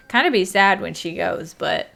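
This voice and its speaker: A woman's voice: mid-range voice, creaky, pushed and bright. Chatty woman thinking aloud over a game. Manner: thinks aloud, counts tiles, apologetic and chatty. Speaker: gaming YouTuber. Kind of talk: casual let's-play commentary.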